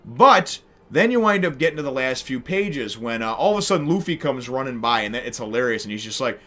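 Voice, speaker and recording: A man's voice: mid-range voice, a little fast, hardly any pauses. A man giving a casual, rambling spoken review of a manga chapter, with many fillers and restarts. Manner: animated when acting out characters.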